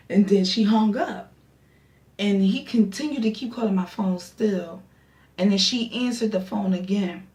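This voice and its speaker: A young woman vlogger telling a casual story, animated and acting out her friends' voices. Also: mid-range voice. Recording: roomy echo, distant mic.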